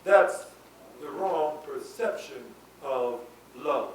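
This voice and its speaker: A man giving a preaching lecture to an audience, building to shouted emphasis and asking rhetorical questions. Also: fairly high pitch, drawn-out words. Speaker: spiritual leader giving a lecture. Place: lecture hall before an audience. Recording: echoey hall, voice from far off, faint hiss.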